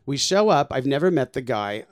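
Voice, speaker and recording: A man who performs in drag, telling comic stories in casual chat, animated and swearing often as he acts out the people in them. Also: medium pitch, moderate pace, dry recording.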